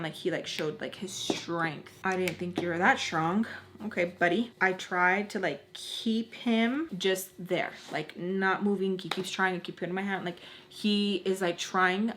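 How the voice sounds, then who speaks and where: A woman's voice: on the low side, fairly bright tone, a little hiss or hum. A woman vlogger telling a personal story in a casual, emotional way, using "like" often. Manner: casual, fillers with frequent "like"; intense, emotional retelling. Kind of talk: storytime vlog.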